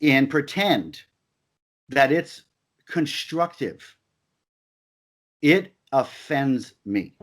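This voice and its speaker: A man's voice: mid-range voice, lively intonation, moderate pace. A man in a heated conversational discussion, talking emphatically and repeating his points with stammered restarts.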